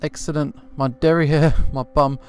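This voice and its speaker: A man's voice: a little high, steady tone, fairly quick, creaky, a little mellow, clear, resonant tone, faint music behind. A man voicing an eager, cheeky bird assistant to a lawyer.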